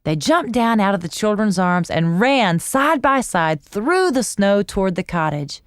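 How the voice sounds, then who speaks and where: A woman reading a bedtime story aloud to children in an expressive, lively way. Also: medium pitch, a little slow, clean tone, dry recording, studio quality.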